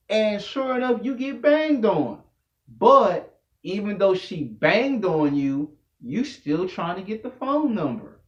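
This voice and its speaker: A man delivering a loud, profane comedic rant to camera, telling slangy stories as a vlogger. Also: high voice, slow. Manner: loud, animated, slangy storytelling. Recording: echoey room, dull lo-fi audio.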